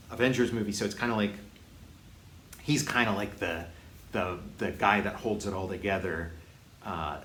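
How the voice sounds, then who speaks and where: A man hosting a casual movie review, halting often with restarts and fillers. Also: fairly low pitch. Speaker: host, film reviewer. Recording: echoey room with faint hiss.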